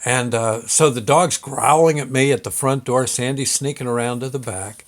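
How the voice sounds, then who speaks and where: A man with a medium-pitched voice, speaking at a moderate pace, hosts his own show and tells a personal story. His casual storytelling rambles in a folksy way, full of fillers and restarts.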